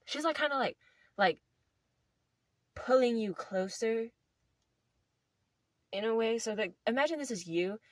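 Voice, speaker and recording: A woman's voice: on the high side, expressive, a little slow, long pauses, no room sound. A young woman casually telling a playful story to camera, rambling with lots of filler words. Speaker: video host.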